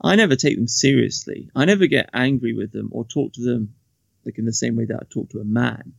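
A man's voice: medium pitch, a little fast, creaky, no room sound. A man talking in casual podcast chat, rambling with many restarts and mocking asides. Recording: dull, lo-fi, dry sound.

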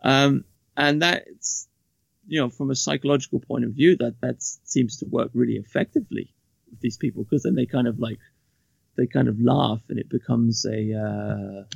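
A man's voice: mid-range voice, steady tone, normal speed, vocal fry, no room sound. A man talking in casual podcast chat, rambling with many restarts and mocking asides. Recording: dull, lo-fi, dry sound.

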